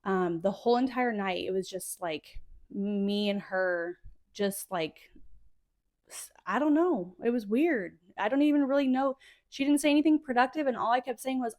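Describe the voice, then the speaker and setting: A woman's voice: on the high side, moderate pace, darkish tone. A woman in her thirties hosting a solo podcast, talking in a rambling, emotionally charged way, full of "like" fillers. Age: 30s. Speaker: podcast host. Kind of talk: casual solo podcast monologue.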